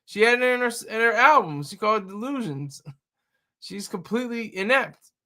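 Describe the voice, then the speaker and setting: A man's voice: high voice, moderate pace. A man hosting a casual livestream, riffing and joking with lots of laughter. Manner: laughs often, animated, jokey riffing. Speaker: livestream host.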